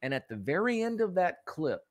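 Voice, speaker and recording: A man's voice: sits high, sing-song, fairly quick, dry recording. A man hosting a political commentary show, speaking in a heated, emphatic way and repeating phrases for effect.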